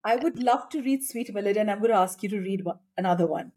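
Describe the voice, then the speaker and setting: A woman podcast host with a dark, mellow tone and a husky edge. She introduces her guest and asks questions with hesitant pauses and fillers. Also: mid-range voice. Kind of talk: interview hosting.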